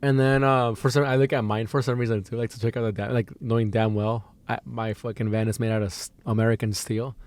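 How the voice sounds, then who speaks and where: A man's voice: medium pitch, flat delivery, fast, hardly any pauses, darkish tone. A young man telling a casual, rambling story as a podcast guest, swearing freely, laughing, and leaning on "dude" and "like".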